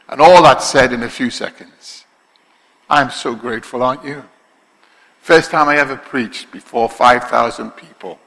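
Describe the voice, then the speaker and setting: Bright-voiced Liverpool preacher in a reverberant hall. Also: male voice, mid-range voice, gravelly. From Liverpool, England. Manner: swings from quiet asides to loud, slow, stretched proclamations. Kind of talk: sermon.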